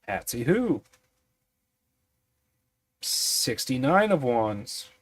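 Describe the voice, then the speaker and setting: Sleepy, slow-talking man musing aloud. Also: medium pitch, big pitch swings. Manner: musing, halting, many fillers. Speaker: streamer designing a tabletop mystery. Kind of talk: thinking aloud while rolling on tables.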